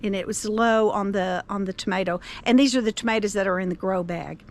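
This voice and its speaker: A woman's voice: medium pitch, fairly quick, darkish tone. A woman, chatting casually to camera outdoors in her garden and telling a story with plenty of filler words. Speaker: gardening vlogger.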